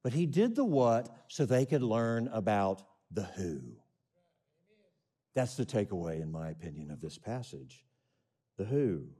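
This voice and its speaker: A man's voice: on the low side, very animated, unhurried, dark tone, slightly rough. A middle-aged man preaching a sermon, reading scripture and asking the congregation questions with rising emphasis. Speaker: pastor.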